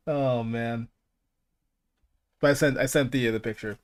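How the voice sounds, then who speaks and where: A male streamer chats casually on his podcast in a mid-pitched voice. He rambles, laughs often and swears freely, tripping over his words as he restarts sentences. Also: fairly even intonation, unhurried.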